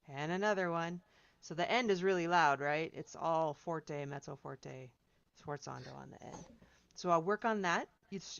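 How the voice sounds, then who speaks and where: A woman's voice: sits low, creaky, clear, resonant tone, no room sound, muffled recording. A woman piano teacher giving chatty, encouraging feedback to students in a seminar, singing out rhythms as she explains.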